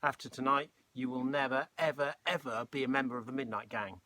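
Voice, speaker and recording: A man's voice: medium pitch, steady tone, a little fast, pushed and bright, dry recording, close to an everyday voice. A man reading aloud and voicing a grumpy, bossy boy who speaks curtly and snaps at others. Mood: snappish. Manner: curt and snappish.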